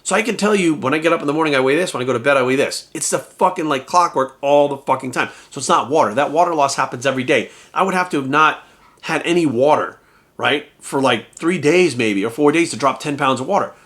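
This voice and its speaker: Man, bodybuilding coach, rapid-fire, higher-pitched voice, profane, animated vlog rant. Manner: animated, swears constantly, rhetorical asides. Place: at home.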